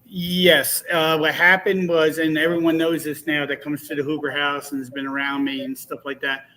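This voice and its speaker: A man telling a personal story as a guest on a casual online talk show, rambling and animated, with many restarts. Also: fairly high pitch, moderate pace.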